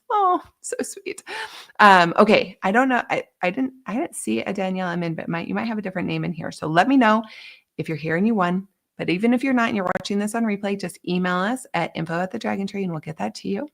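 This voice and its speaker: A woman's voice: mid-range voice, gravelly, fairly bright tone. A woman hosting a live online session, chatting casually in a gushing way with lots of filler words. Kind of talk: casual live-stream chat.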